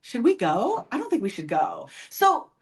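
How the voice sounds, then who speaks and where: A woman's voice: medium pitch, huge pitch swings, normal speed, warm tone, husky, low-quality recording. Candid woman telling her story. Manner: candid, acts out other people's lines when quoting. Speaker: podcast guest. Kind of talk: personal storytelling in an interview.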